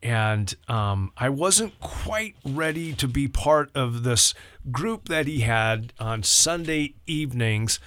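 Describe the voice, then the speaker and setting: An older man, a pastor, telling a personal story in casual talk, acting out voices with lively rising pitch. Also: takes it slowly. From Southern California. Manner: animated, acts out quoted voices with rising pitch.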